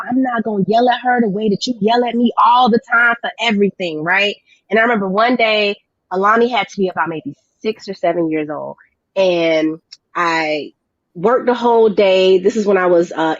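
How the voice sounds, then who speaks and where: A woman host telling a personal story in casual chat, speaking in an animated, expressive way. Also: medium pitch, no echo. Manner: animated storytelling with Southern Black vernacular. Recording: dull lo-fi dry sound.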